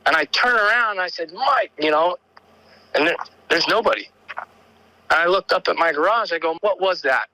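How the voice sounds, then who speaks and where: Bright-voiced man telling his story. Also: on the high side, brisk, long pauses, no room sound, low-quality recording. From Oregon. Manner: rambling, repeats words, acts out quotes. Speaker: caller sharing an encounter story. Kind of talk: animated storytelling.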